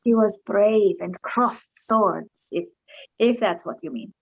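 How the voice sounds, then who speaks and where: A woman voicing a weary female hunter who reports back slowly and hesitantly, read during a recorded voice-acting session. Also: mid-range voice, creaky, slightly rough, no room sound, highs cut off, exaggerated voice. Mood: reluctant.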